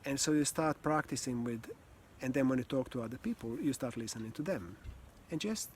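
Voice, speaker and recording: Slow and thoughtful, this male voice coach teaches about communication in a reflective way, pausing often. His medium-range voice is calm and earnest, punctuated by the odd sigh or soft laugh, with faint hiss in the background.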